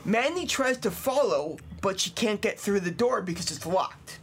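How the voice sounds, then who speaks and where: A man's voice: sits high, animated, normal speed, a bit bright, a little hiss or hum. A man hosting a casual podcast, retelling a true crime story with lots of fillers and laughs. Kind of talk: casual chat.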